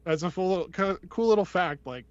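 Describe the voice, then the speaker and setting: Higher-voiced man telling a rambling story. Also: moderate pace, smooth, dry recording. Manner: rambling, with many fillers and quoted voices. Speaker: podcast host. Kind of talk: casual storytelling chat. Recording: dull lo-fi, dry sound.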